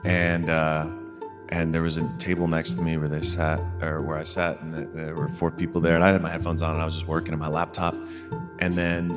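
A man's voice: very deep voice, brisk, music in the background. A man from Brooklyn, a guest telling a story in a casual, joking way. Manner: joking, animated.

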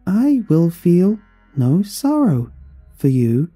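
A haunted talking doll, voiced by a man, chants its threat in a slow, eerie sing-song, pitched up well above his own voice. The tone stays dark and husky beneath the lilt, with faint music behind it. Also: big pitch swings, no echo, full character voice. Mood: menacing. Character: creepy talking girl's doll, menacing.

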